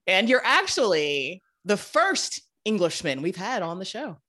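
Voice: medium pitch, big pitch swings, unhurried, pushed and bright. Upbeat us podcast host on a video call, jokey and bubbly, laughs a lot. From United States. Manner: bubbly, playful, laughs often. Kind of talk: casual interview chat.

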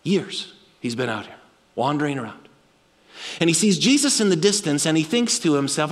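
Man preaching, high voice, dramatic storytelling, drops to a low hush for emphasis. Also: animated, fairly quick, big-room sound. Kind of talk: sermon.

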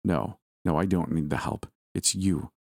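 A paranoid, exhausted young husband speaks in a hushed, tense, menacing way, voiced by a male reader. The voice sits very deep and is recorded close and dry. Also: a little slow, vocal fry, no room sound, full character voice. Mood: paranoid menace. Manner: quiet, low, tense.

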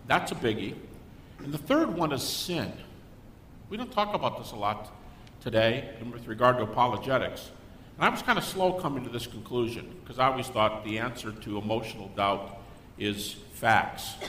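An older man, a guest speaker, giving a Christian apologetics talk to a live audience and acting out the people in his stories. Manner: animated storyteller who acts out quoted people. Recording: echoey hall with faint rumble.

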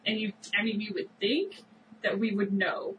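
A woman's voice: medium pitch, normal speed, recorded from a distance, narrow, tinny audio, a little hiss or hum. A woman co-hosting a podcast, talking over a TV episode in a rambling, reflective way with many fillers. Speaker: podcast co-host. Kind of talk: casual chat recapping a TV episode.

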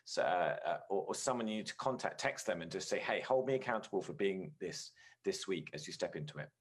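A man's voice: deep voice, expressive, brisk. A man giving a conversational sermon as a guest speaker, earnest and storytelling, with frequent filler words.

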